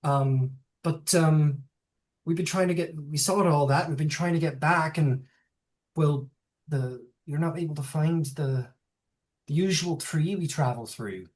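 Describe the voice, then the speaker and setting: A game master voicing an older female elf druid who is bewildered and anxious, talking in halting, stammering restarts. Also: medium pitch, a little mellow, natural voice. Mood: worried. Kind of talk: tabletop role-play.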